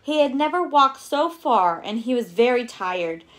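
Young woman teacher, story time reader, slightly higher voice, gentle and coaxing. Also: animated, measured pace. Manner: gentle, coaxing, asks listeners questions. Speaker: teacher reading a story to children. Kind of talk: children's story time reading.

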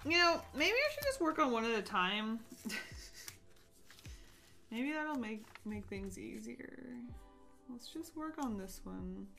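Bright, high-voiced woman chatting while painting. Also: big pitch swings, slow pace, gravelly, pauses often, faint music behind. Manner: chatty, thinks aloud, coos at her pet in a playful voice. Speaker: art live-streamer. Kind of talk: casual chat while painting on a live stream.

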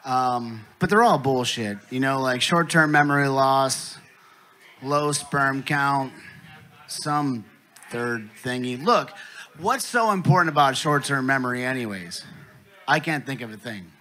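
Laid-back comedian with a bright voice. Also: male voice, mid-range voice, unhurried. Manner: laid-back, swearing storyteller. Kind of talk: stand-up joke telling. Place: festival stage.

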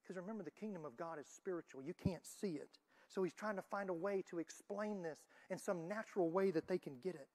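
A woman preaching a sermon in a church, moving between loud emphatic lines and soft, hushed ones. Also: on the low side, fairly quick.

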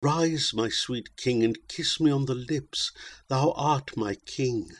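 A man reading the lines of a scheming, mocking damsel in a narrative poem, slow and insinuating. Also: medium pitch. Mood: sly.

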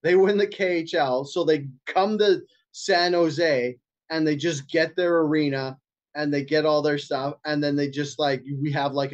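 A man co-hosting a podcast in casual banter, crude and animated, swearing often. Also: fairly high pitch, muffled recording. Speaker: podcast co-host.

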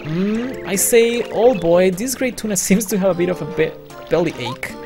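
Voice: medium pitch, normal speed, over music, voice pushed up, lightly acted. A player doing Kolorado, a pompous explorer. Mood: jaunty. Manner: plummy, old-fashioned phrasing. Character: pompous male explorer, upper-class and cheerful.

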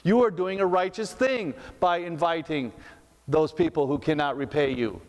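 Male pastor, slightly high voice, chatty preaching full of rhetorical questions, long sanctuary reverb. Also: moderate pace. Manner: conversational, asks rhetorical questions, repeats words. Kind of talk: sermon. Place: church sanctuary.

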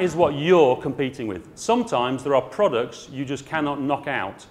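A man's voice: mid-range voice, expressive, normal speed, hardly any pauses, darkish tone. A middle-aged man addresses a room of suppliers. His delivery is plain-spoken and chatty. He keeps the talk moving with dry, jokey asides. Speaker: garden centre owner speaking at a trade show. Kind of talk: trade show talk to an audience.

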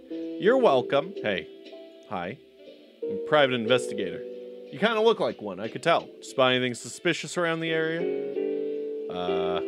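A young man giving joking, sarcastic commentary while playing a video game and bantering with its characters. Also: medium pitch. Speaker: gaming YouTuber. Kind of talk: let's play commentary. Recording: game music behind the voice. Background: game music.

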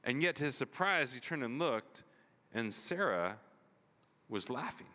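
A man's voice: medium pitch, sing-song, a little slow, sharp tone. A man pastor preaching in a conversational, earnest sermon, retelling a story with many repeats and "like"s. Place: church. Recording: long hall reverb.

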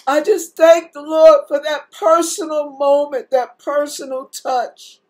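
Slow-speaking earnest woman preacher. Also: high-pitched, fairly even intonation, a little mellow. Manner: emotional, tearful at times, earnest. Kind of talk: sermon-style teaching and testimony.

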